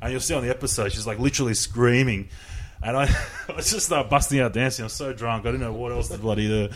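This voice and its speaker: Animated young man telling stories. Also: medium pitch, quick pace, a little hiss or hum. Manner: animated, swears casually, lots of fillers. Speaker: guest chef. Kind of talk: casual storytelling chat.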